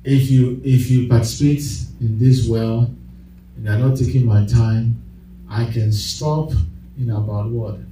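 A man's voice: mid-range voice, steady tone, a little slow, dark tone, a little hiss or hum. A man preaching a sermon, leading his congregation in call-and-response and breaking into bursts of laughter as he tells stories. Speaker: pastor. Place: church. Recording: echoey church hall, distant mic.

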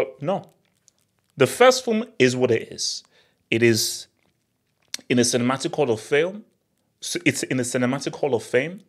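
A young man chatting casually to camera as a movie vlogger, excitable and slangy, often repeating himself and laughing. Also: mid-range voice, breathy edge.

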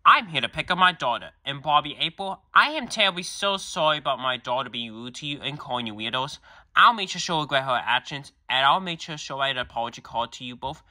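Guy doing a sorry upset dad, bright voice, dry. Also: medium pitch, expressive, brisk, no room sound. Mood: apologetic. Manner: exclaiming, apologetic. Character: upset father on the phone.

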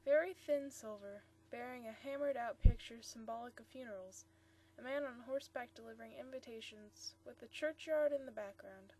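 Woman voicing a courteous old antique dealer, mellow and friendly, diffident, high-pitched read. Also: a little fast, a little hiss or hum, natural voice. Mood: explaining. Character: mellow elderly male shop proprietor, courteous.

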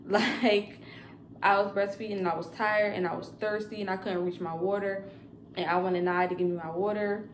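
A woman's voice: mid-range voice, reverberant, a little hiss or hum. A young woman vlogging casually to camera about new motherhood, rambling with lots of fillers. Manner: chatty and rambling, with many fillers.

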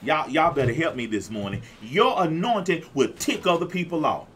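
A man's voice: on the high side, expressive, normal speed, a bit bright, husky. A man in his fifties preaching a sermon as pastor, exuberant and repetitive, calling out to his listeners. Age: 50s. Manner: exuberant, call-and-response preaching with repeated phrases.

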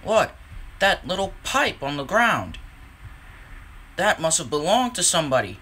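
A man voicing an eager, kind-hearted young male engine in a storybook reading, talking in high, urgent exclamations. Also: sing-song, moderate pace, pushed and bright, slight background noise. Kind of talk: storybook character voice.

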